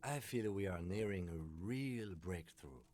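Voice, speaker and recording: A composed police lieutenant who speaks in an understated, wry way. His voice is low and mellow, never rising in a video game. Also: animated, measured pace. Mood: dry. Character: calm, dry police lieutenant.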